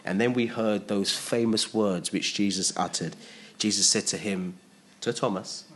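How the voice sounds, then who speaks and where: A man's voice: on the low side, moderate pace, a bit bright. A man preaching a sermon. He is emphatic, repeats his phrases and asks his listeners rhetorical questions.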